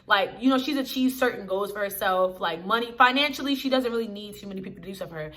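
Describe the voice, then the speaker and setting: A woman's voice: mid-range voice, fast, a bit bright. A young woman reviewing a TV episode in casual chat to camera, talking straight to her viewers in a slangy, chatty way.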